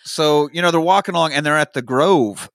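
A man co-hosting a podcast, recapping a movie with lively quoted lines, swearing and laughs. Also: on the high side, brisk, creaky, no echo, clean studio sound. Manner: animated retelling, quoting characters, swearing, laughing. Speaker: podcast co-host. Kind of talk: casual movie recap chat.

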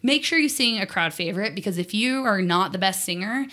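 A woman's voice: medium pitch, animated, a little fast, bright, forceful tone. A young woman co-hosting a casual podcast chat, upbeat and laughing often. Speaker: podcast co-host.

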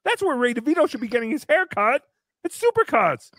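Sarcastic man with a lively voice. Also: very high-pitched, fast, no room sound, studio quality. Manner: sarcastic, taunting, jumps into sing-song mockery. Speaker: podcast host. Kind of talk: mocking comedy commentary.

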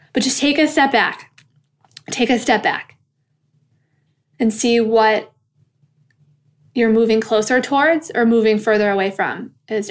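Host type, woman in her thirties, heartfelt and passionate solo talk, a little high-voiced. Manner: earnest, impassioned, swears when angry. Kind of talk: casual monologue.

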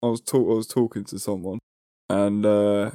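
A man's voice: on the low side, little pitch movement, moderate pace, warm tone, no echo, clean studio sound. A man with a London accent co-hosting a podcast, telling stories in slangy casual chat and laughing between lines. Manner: laughing, slangy, stumbles on words. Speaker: podcast co-host.

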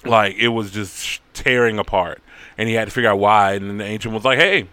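A man casually recapping a story in a rambling, profane, animated way. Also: fairly low pitch, quick pace, clear, resonant tone, dry recording.

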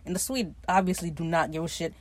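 A woman's voice: on the low side, fast talker. A woman hosting a casual podcast, recapping a TV episode in a chatty, profane way with frequent laughs. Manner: chatty, swears freely, laughs often.

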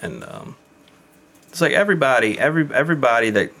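A man's voice: medium pitch, very animated, quick pace, bright, forceful tone. A man talking casually and candidly, rambling with lots of fillers and occasional swearing. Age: adult with kids. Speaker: podcast guest in recovery. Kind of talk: casual chat.

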